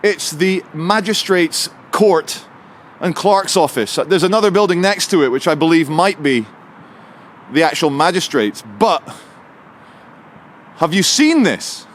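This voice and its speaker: A man's voice: a little high, animated, unhurried, long pauses. Male street vlogger, sardonic and chatty, handheld camera outdoors. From England. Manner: chatty, sardonic, mocking asides. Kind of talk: walking city vlog. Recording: outdoor street noise with traffic.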